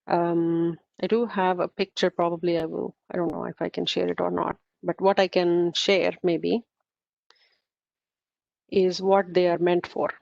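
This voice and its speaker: A woman's voice: fairly low pitch, little pitch movement, a little slow, vocal fry, darkish tone, no room sound. A woman teaching a study group in an informal lecture, explaining step by step with frequent fillers and self-corrections. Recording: slightly muffled, dull recording.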